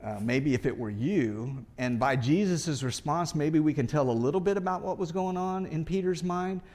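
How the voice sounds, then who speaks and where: Speaking at a moderate pace in a voice on the high side and a little mellow, a pastor preaches in a conversational way. He asks rhetorical questions and frequently starts over mid-thought.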